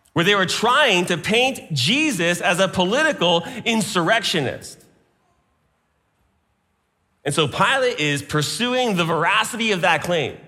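A man's voice: sits high, bright, forceful tone. A man preaching a sermon, citing scripture references as he goes. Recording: long hall reverb.

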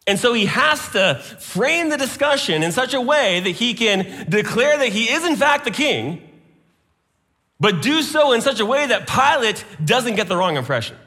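A man's voice: very high voice, big pitch swings, normal speed, bright, forceful tone. A man preaching a sermon, citing scripture references as he goes. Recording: long hall reverb.

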